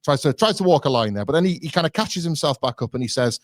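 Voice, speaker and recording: A man co-hosting a casual podcast, animated, acting out quotes in a rising voice. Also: on the high side, quick pace, few pauses, no room sound, studio quality. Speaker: podcast co-host.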